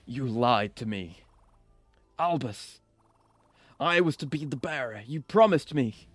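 A man's voice: mid-range voice, expressive, takes it slowly, breathy edge, no room sound, soft background music. Male streamer voicing a bitter young rival, accusing, dry sound. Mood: defiant. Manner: heated, accusing reading of game lines.

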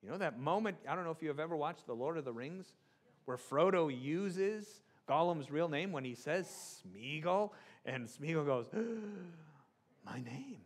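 Middle-aged pastor guy, loose joking sermon, keeps going "right?", voice on the higher side. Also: fairly bright tone. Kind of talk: conversational sermon.

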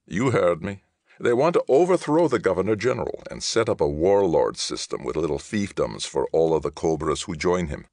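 A man voicing a gruff, curt middle-aged soldier in an audiobook. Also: rumbling low, sing-song, moderate pace, no echo, studio quality, heavily acted. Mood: grim. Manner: growling, curt. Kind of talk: audiobook reading.

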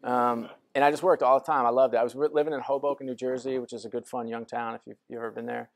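A man's voice: medium pitch, flat delivery, fast. A man in his forties giving a casual, self-deprecating storytelling talk to a lecture audience, with lots of fillers. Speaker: guest speaker. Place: lecture hall.

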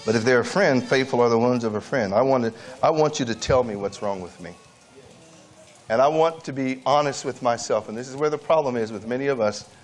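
A man preaching a sermon at a church camp meeting, swinging between high, pleading emphasis and quiet asides.

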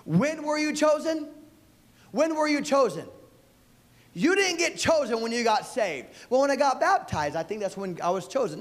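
Male pastor, very high voice, fiery sermon with shouted refrains and joking asides. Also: big pitch swings, normal speed. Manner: preaching with shouted, repeated refrains and playful asides.

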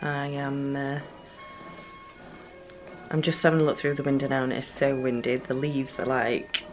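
A woman's voice: very deep voice, little pitch movement, normal speed, soft background music. A woman, a new mother, vlogging casually at home, chatting and sometimes slipping into sing-song baby talk.

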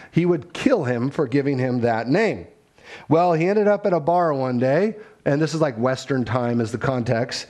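Male pastor, relaxed sermon delivery, earnest, conversational, good for storytelling. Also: a little high.

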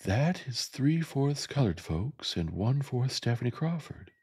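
A man reading the part of a sharp-tongued older Southern woman neighbor in a gentle audiobook reading, with a dry, firm, plain-spoken delivery. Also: mid-range voice, big pitch swings, unhurried, breathy edge, pitched above the performer's own voice, exaggerated voice.

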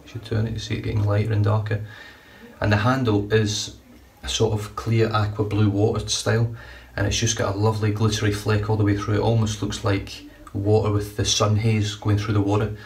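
A man's voice: lowish voice, completely flat delivery, brisk, darkish tone. A man casually reviewing shaving products, chatty and enthusiastic, a little rambling. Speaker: shaving vlogger. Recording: distant mic, faint room noise.

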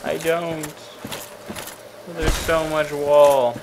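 A man commentating his own gameplay in a casual let's play, swinging between quiet mumbles and excited yelps. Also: lowish voice, slow pace, noisy background. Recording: loud game sounds behind voice.

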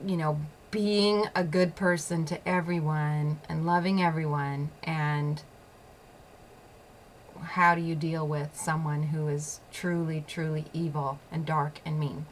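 A woman's voice: low-pitched, fairly even intonation, slow, a little hiss or hum. Blunt, profane woman telling her story. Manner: blunt and profane, laughs often; repeats phrases for emphasis. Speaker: show host. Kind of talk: personal storytelling monologue.

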